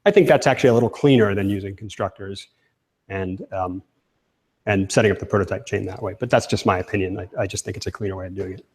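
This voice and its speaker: A man's voice: fairly low pitch, quick pace, husky. A man giving a live technical talk, speaking casually and asking the audience questions. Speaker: conference speaker. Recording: long hall reverb.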